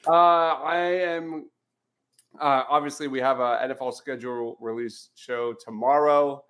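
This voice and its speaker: A man's voice: mid-range voice, steady tone, a little slow, fairly bright tone, smooth. A man on a sports podcast panel, plugging his shows in a rambling, filler-heavy way. Casual talk among friends.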